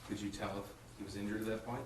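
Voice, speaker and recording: A man's voice: on the low side, flat delivery, very fast. Distant-sounding male attorney questioning. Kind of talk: courtroom examination. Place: courtroom. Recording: roomy, distant, noisy courtroom audio.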